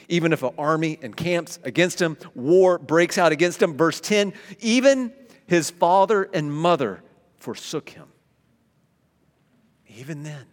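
Stammering preacher with a ringing hall echo. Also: male voice, mid-range voice. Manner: stammers and repeats words, swings between loud emphasis and hushed tones. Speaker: pastor. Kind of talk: sermon. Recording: long hall reverb.

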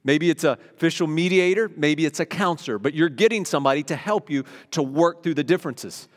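A middle-aged man preaching a sermon as pastor, earnest and conversational, moving between loud emphasis and hushed, quiet lines. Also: a little high, fairly quick. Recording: long reverb of a hall.

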